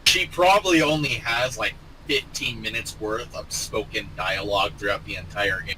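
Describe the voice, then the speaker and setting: A man co-hosting a casual gaming podcast, talking in a lively way, laughing a lot and acting out quotes. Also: fairly low pitch, normal speed, slight background noise, poor audio. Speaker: podcast co-host.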